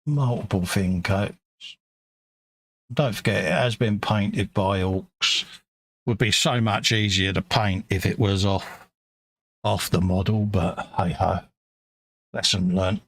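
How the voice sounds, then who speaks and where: A British man hosts a live stream while painting models, chatting casually and mumbling asides to himself as he works. His lowish voice stays fairly even, moving at a slow pace with frequent pauses, on a dry recording.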